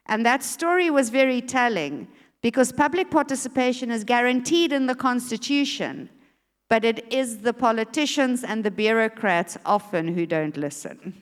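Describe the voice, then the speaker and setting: A woman panelist telling a measured story during remarks at a public dialogue. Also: on the high side, lively intonation. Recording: long reverb of a venue hall.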